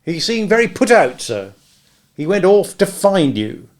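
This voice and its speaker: A club cloakroom attendant, as a male narrator puts him on, raised in pitch and clipped. He speaks with deference to his betters but lets a chill creep in, and a gravelly edge sits in the voice. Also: big pitch swings, unhurried, full character voice. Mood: disapproving. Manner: clipped, respectful but cold. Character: cloakroom attendant, cool, slightly aggrieved servant.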